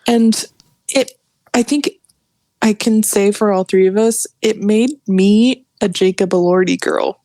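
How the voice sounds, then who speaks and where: A woman's voice: mid-range voice, measured pace, mellow, no room sound. A woman co-hosting a podcast in casual chat, agreeable and mostly offering brief affirmations. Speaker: podcast co-host.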